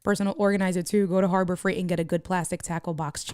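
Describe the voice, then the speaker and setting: A woman's voice: on the low side, little pitch movement, fast, darkish tone, smooth, no room sound. Woman streamer, casual chat, walks through gear, reads viewer comments. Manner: demonstrates camera gear step by step. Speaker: live streamer.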